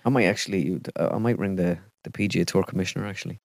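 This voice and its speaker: A man's voice: sits low, rapid-fire, gravelly, no echo. A young Irish man talks casually on a podcast, mocking himself and laughing often. He swears now and then and sounds easygoing. The room is dry. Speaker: guest impressionist.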